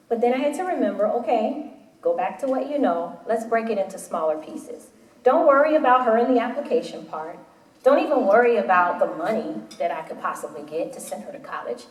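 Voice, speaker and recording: A woman in her forties giving a motivational talk to a live audience, telling animated stories and acting out the voices in them. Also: on the high side. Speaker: panel speaker. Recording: roomy hall audio from a distant mic.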